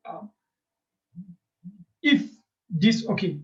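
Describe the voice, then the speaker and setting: A man teaching a math lesson, speaking straight to his students, often checking in with "right?" and filling pauses with "um". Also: sits high, fairly even intonation, dark tone. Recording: dull lo-fi recording.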